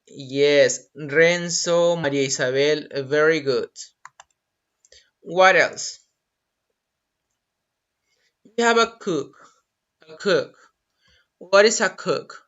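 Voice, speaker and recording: English teacher with a spanish mother tongue, very slow, drills words, bright tone, lo-fi webinar sound. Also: medium pitch. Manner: slow, drills words, repeats phrases and mixes in Spanish translations. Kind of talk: live online language lesson. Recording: dull lo-fi webinar audio.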